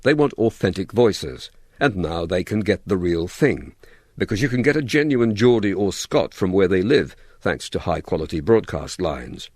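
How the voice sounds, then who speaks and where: Male radio documentary presenter; low husky delivery, dry studio sound. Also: animated, moderate pace, darkish tone, no echo. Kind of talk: radio documentary narration and interviewing.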